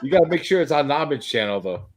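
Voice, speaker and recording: A loud man, joking brashly in a casual chat as co-host. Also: on the high side, big pitch swings, fast talker, soft background music. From New York.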